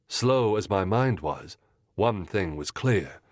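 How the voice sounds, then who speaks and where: A man narrating a mystery audiobook in the first person, in a measured, composed way. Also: low-pitched, animated, no room sound, studio quality.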